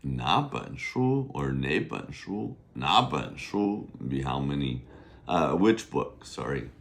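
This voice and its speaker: A man teaching Mandarin in a casual online lesson, joking around, spelling out words and drawing them out slowly for learners to repeat. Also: rumbling low, big pitch swings, vocal fry. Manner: playful, jokey, sings to himself; slow, drawn-out model pronunciation. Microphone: camera on a desk.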